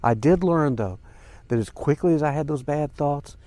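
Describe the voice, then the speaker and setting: An older man speaks in a mellow, somewhat high voice, earnest and openly emotional as he reflects aloud to his listeners. The recording is dry and close, with no room sound. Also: moderate pace, no room sound. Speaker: podcast host. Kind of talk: personal reflective monologue.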